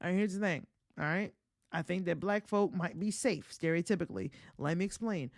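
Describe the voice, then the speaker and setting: Woman, comedy podcast host, chatty, profane, lower voice, dry sound. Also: a little fast, gravelly, no echo. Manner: profane, chatty, laughs often at her own jokes.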